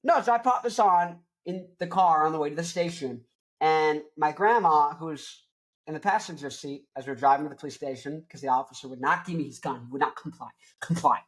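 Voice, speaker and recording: A young man hosting a rock show, joking and rambling loudly, with crude asides. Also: on the high side, a little fast. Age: young adult. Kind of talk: rambling comedic music talk.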